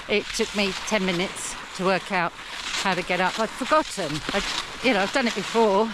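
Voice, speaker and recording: A woman's voice: mid-range voice, moderate pace, heavy background noise. An older woman vlogging outdoors in the snow, laughing at herself and swearing casually as she talks. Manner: self-deprecating, swears, laughs often. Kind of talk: casual self-filmed vlog.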